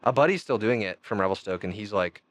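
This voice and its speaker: A man, a podcast guest telling rambling stories in casual chat with frequent laughs. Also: fast talker. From Canada. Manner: animated, rambling storytelling with frequent laughs and pitch jumps.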